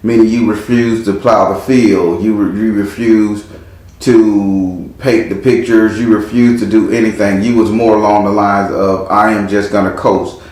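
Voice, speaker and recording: Low-voiced man reading tarot in an echoey room. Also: a little slow. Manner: relaxed, chanting repeated words while reading cards. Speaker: tarot card reader. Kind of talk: casual spiritual reading.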